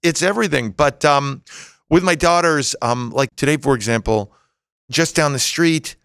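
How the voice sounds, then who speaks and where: A man's voice: a little high, normal speed, fairly bright tone, clean tone, dry recording, studio quality. A middle-aged man telling rambling, self-mocking stories full of fillers as a podcast guest. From United States. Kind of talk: casual podcast chat.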